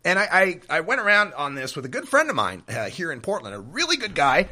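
A man's voice: fairly high pitch, wildly swooping pitch, brisk, bright, forceful tone. A man hosting a political podcast, ranting in an exasperated, pleading way with some swearing. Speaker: podcast host. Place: home studio with mic software.

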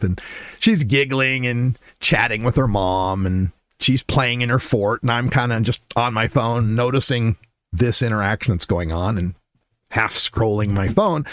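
A man in his fifties tells a personal story with a lively, swinging pitch. He is self-deprecating and laughs as he goes. The sound is dry and close. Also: dry recording. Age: 50s. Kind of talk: conversational storytelling.

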